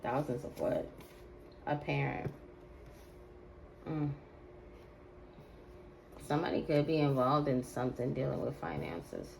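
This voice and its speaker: A woman's voice: rumbling low, big pitch swings, vocal fry, a little mellow, slight background noise, low-quality recording. A woman giving a casual, slangy tarot reading to her viewers, repeating phrases and drawing words out. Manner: slangy, drawn-out repetitions. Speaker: tarot reader.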